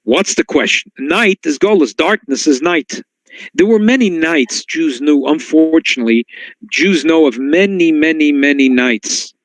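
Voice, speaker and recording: Male rabbi, sermon-style class, slightly high voice, dry and close, animated storyteller. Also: unhurried, no echo, poor audio. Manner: storytelling, swings to high excited tones when quoting. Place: synagogue.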